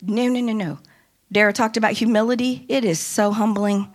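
A woman casually telling a lively story about a conference trip, often quoting people in animated voices. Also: mid-range voice, moderate pace. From United States. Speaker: speaker recounting a women's conference trip.

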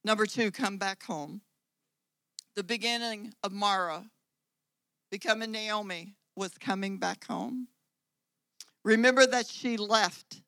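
A woman's voice: mid-range voice, slow, long pauses, a bit bright, no room sound, poor audio. A woman preacher giving a sermon, driving points home with repeated phrases and rising volume.

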